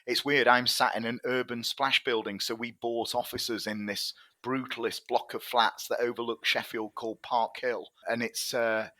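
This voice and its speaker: A man's voice: medium pitch, flat delivery, moderate pace, few pauses, bright, forceful tone, no echo. A man, a tech company chief, telling stories in a casual interview, rambling with lots of fillers. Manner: chatty, rambling anecdotes with many fillers. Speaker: tech CEO guest.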